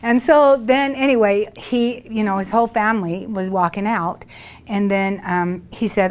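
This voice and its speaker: A woman's voice: mid-range voice, moderate pace. Chatty woman telling stories to a group. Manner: chatty, animated, laughs while acting out her own past words. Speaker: workshop leader. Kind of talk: storytelling talk to a group.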